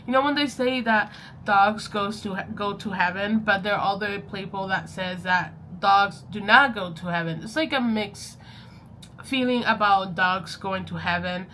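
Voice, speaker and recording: A woman's voice: mid-range voice, normal speed, bright, forceful tone, slight background noise. A young woman vlogging in a casual, rambling way, often correcting herself and laughing as she chats about journaling and a series she is watching. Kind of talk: casual chatty vlog.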